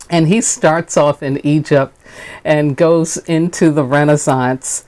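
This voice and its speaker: A woman with a notably low voice hosts a spiritual radio talk. She speaks earnestly and reverently. She reads passages aloud with rising emphasis and leads a heartfelt prayer. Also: steady tone, unhurried, darkish tone. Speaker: host and spiritual teacher.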